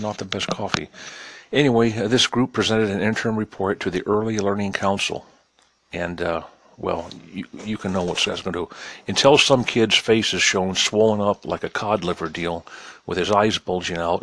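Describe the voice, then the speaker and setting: A man's voice: sits low, a bit bright. A man giving a sarcastic news commentary, reading reports aloud and mocking them while talking straight to his listeners in a folksy way. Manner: cynical, reads news aloud and mocks it; addresses listeners directly, folksy.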